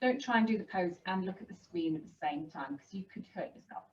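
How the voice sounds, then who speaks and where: A woman teaching a children's yoga class and giving gentle, encouraging instructions to young kids. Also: on the low side, expressive, fairly quick, distant mic, highs cut off. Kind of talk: guiding a kids' yoga class.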